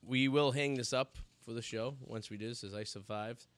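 A man co-hosts a casual talk show at a mid-range pitch, talking in a halting, chatty way full of fillers. He sounds teary and strained from extreme spicy heat, speaking into a studio mic. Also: steady tone, fairly bright tone, dry recording. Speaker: podcast co-host. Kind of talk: casual chat during a hot chip challenge. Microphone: headphones and studio mic.

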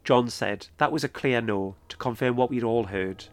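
A man narrates his own eerie experience as the host of a storytelling podcast. His delivery is measured and steady, and his voice sits at an ordinary pitch for a man. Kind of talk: first-person storytelling narration.

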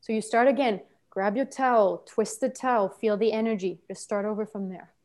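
A woman's voice: mid-range voice, fairly even intonation, brisk, darkish tone. A woman trainer coaching a practice session, giving directive, encouraging step-by-step instructions. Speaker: anger workshop trainer.

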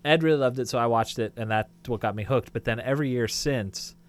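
A man co-hosting a podcast in casual chat, animated and bouncy, acting out little quotes as he talks. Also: mid-range voice, fairly quick. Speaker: podcast co-host.

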